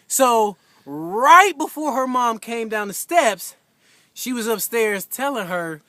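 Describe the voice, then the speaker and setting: High, bright-voiced young man telling a story. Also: slow, no echo, studio quality. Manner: casual, filler-heavy, animated retelling. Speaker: husband giving an anniversary message. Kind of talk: heartfelt personal storytelling.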